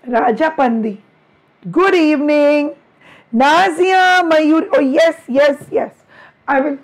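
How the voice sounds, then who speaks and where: A woman's voice: sits high, slow pace. A middle-aged woman teacher with an Indian English accent, chatting fondly with her students in a live online class, her throat a little strained from lecturing. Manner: chatty, affectionate, teasing with students.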